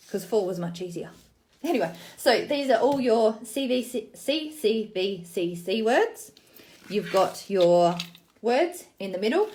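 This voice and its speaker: A woman's voice: mid-range voice, a little mellow, slight background noise. Woman sounding out words as she teaches. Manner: sounds out words slowly, then explains briskly. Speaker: teacher demonstrating literacy games. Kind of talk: casual tutorial demonstration.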